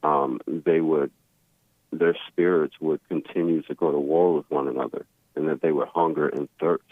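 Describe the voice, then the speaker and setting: A male caller on a phone-in show, speaking earnestly and haltingly and often repeating his words. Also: very deep voice, fairly even intonation, no echo. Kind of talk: phone-in conversation. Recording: phone line.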